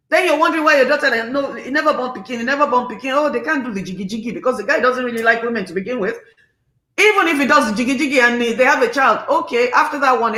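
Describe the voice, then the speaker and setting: A woman's voice: fairly high pitch, fairly bright tone, echoey room. Passionate Nigerian woman in her fifties. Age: 50s. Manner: passionate, emphatic, preachy. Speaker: livestream host. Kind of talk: casual livestream talk.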